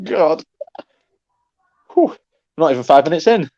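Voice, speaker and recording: A man co-hosting a casual podcast chat, animated, who exclaims often and laughs readily. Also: on the high side, measured pace, no room sound, highs cut off. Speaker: podcast co-host. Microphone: online podcast recording app.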